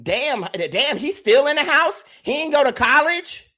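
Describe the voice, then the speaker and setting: A man's voice: extremely high pitch, big pitch swings, unhurried, bright, forceful tone. A man hosting a livestream commentary podcast, talking emphatically and repeating his points. He keeps turning to address the chat directly. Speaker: podcast host.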